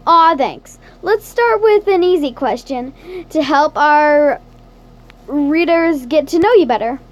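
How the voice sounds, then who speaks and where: A woman's voice: high voice, lively intonation, takes it slowly. A woman voicing a perky teenage girl putting on a mock-formal ace reporter voice for an interview. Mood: chirpy.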